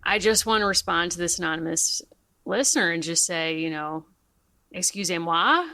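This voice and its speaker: A young woman co-hosting a podcast in a casual, animated chat, joking and poking fun at herself. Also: fairly low pitch, a little fast. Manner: animated, joking and self-mocking. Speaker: podcast co-host.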